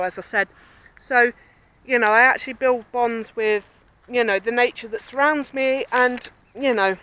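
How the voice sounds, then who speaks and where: A woman's voice: on the high side, sharp tone, a little hiss or hum, low-quality recording. A woman from Southampton with a southern English accent, chatting and rambling in a casual vlog as she walks by a river. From Southampton, southern England. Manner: chatty, rambling, self-described babbling. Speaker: vlogger. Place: outdoors by a river with swans and ducks.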